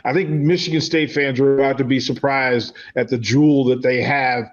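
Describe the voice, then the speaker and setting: A man's voice: mid-range voice, steady tone, moderate pace, dull audio. A man guesting on a sports podcast, enthusiastic and sincere as he praises a player. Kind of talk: casual panel chat.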